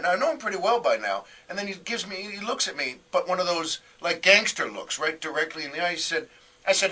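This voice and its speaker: A man telling a story as a guest on a radio interview, animated and acting out the voices he quotes. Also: high voice, fairly quick, far from the mic, crowd noise. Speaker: comedian guest.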